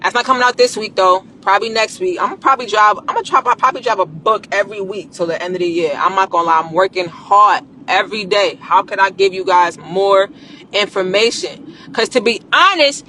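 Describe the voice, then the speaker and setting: A woman's voice: medium pitch, brisk, slight background noise. Blunt slangy woman coaching on a live stream. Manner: blunt, animated, slangy, swears freely. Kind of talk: casual live-stream talk.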